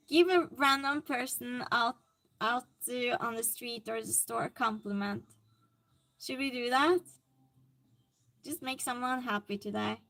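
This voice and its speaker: High-voiced, unhurried woman streamer. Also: a bit bright. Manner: chatty, reacting to chat comments aloud. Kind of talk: casual live-stream chat.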